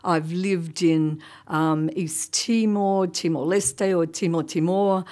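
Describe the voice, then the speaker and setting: Low-voiced chatty woman speaker. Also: steady tone, slow, dark tone. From Australia. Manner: chatty, laughs often, many ums. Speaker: conference panel speaker. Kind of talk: conference talk, anecdotal. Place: conference hall.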